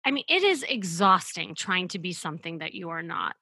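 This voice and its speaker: Woman, middle-aged, podcast host, husky, dry close sound, animated and emphatic. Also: on the low side, a little fast, no echo. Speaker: podcast host and dating coach. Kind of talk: storytelling podcast monologue.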